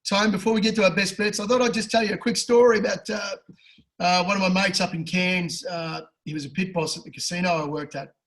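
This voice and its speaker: A man's voice: a little fast, rough recording. An Australian man co-hosting a casual betting podcast, telling a yarn with lots of swearing and acting out the people in it. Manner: animated, swears freely, acts out characters with big pitch jumps. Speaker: podcast co-host. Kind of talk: casual storytelling chat.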